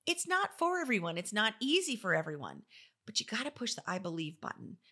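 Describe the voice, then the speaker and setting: A middle-aged woman, an interior designer and business owner, telling stories and giving advice in a chatty, animated way, often acting out what people said. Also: mid-range voice, fairly quick. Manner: chatty, animated storytelling with quoted voices. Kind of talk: casual advice talk.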